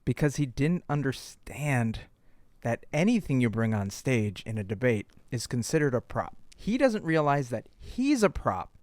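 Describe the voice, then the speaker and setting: A man's voice: mid-range voice, sing-song, unhurried, a little mellow, no echo. Wisecracking man on a dry podcast mic. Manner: wisecracking, sarcastic quips. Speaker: podcast co-host. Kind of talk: casual comedic podcast chat.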